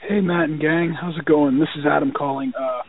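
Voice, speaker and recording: A man with a head cold talks in a high voice over a tinny phone line. He rambles through a long joke with halting restarts. He sounds like a caller leaving a voicemail. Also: steady tone, crowd noise. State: has a cold.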